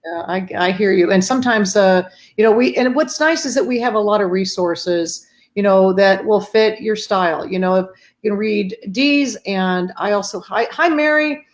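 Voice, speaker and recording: Hosting a faith-based grief support livestream on a video call, this woman talks at a moderate pace in a mid-range voice. Her chat is casual and full of fillers, and she warmly welcomes viewers by name.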